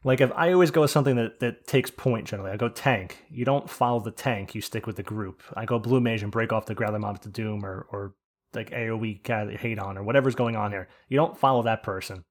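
A man's voice: lowish voice, fast talker. A man who leads a game group, chatting casually and acting out the other players as he tells stories. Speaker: group leader discussing a game. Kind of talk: casual podcast chat.

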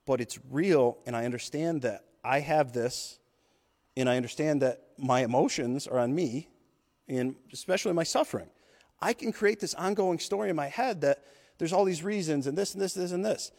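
A man's voice: fairly high pitch, darkish tone. Profane fired-up man, echoey hall. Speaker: podcast host. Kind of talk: motivational monologue. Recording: long hall reverb.

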